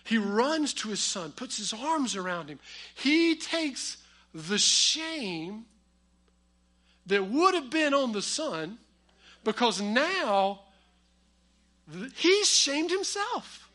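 A man preaching a sermon, telling stories with humor and swinging between loud emphasis and quiet asides. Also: very high-pitched, very animated, slow pace, pauses often. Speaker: pastor.

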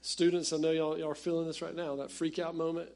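A pastor preaching a conversational, animated sermon that speaks straight to his congregation. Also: on the high side, fast.

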